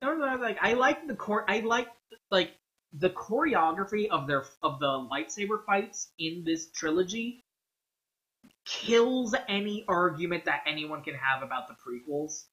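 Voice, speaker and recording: A man's voice: sits high, lively intonation, unhurried, pushed and bright, rough recording. A man ranting casually about a movie, rambling and profane, with many fillers and strong opinions. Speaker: vlogger.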